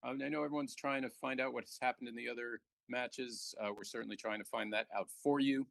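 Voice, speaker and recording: A man commentating a live backgammon match, joking and relaxed as he banters with his co-host. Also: medium pitch, brisk, creaky, no room sound.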